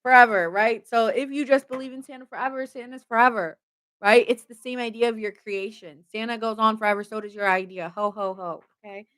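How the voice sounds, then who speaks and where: A woman's voice: a little high, brisk, fairly bright tone. Chatty woman giving a live tarot reading. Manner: chatty and playful, laughs often, greets viewers. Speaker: tarot reader hosting a live stream.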